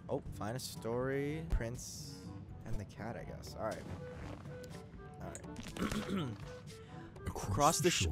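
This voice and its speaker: A man giving casual horror game commentary, jumpy, swearing and joking at the game. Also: medium pitch. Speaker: gaming video creator. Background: game music.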